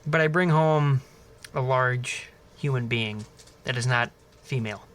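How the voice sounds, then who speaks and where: A man's voice: medium pitch, a little slow, slight background noise. A man co-hosting a casual podcast, telling stories with lots of swearing and acted-out voices. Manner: animated storyteller, swears freely, acts out voices in anecdotes. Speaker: podcast co-host. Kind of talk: casual chat.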